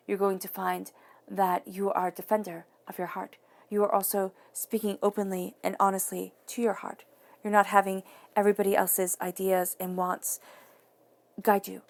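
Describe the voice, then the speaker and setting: A woman's voice: mid-range voice, gravelly, darkish tone. A woman giving an earnest, encouraging tarot reading to viewers, repeating phrases for emphasis. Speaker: tarot reader.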